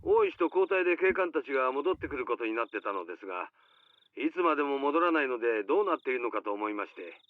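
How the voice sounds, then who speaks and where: An actor plays a courteous detective calling in, speaking formally at a rapid clip. The voice sits a little high and comes through a narrow, phone-like line in a dry recording. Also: male voice, sing-song, dry recording, natural voice. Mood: concerned. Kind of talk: Japanese game voice acting. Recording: tinny phone-line sound.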